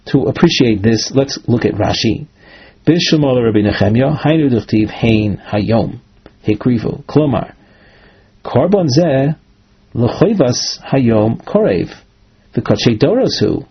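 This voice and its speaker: Talmud teacher, male, husky, middle pitch, reads and translates on a muffled recording. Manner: reads Aramaic phrases then translates. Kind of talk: text-based lecture. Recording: dull lo-fi recording.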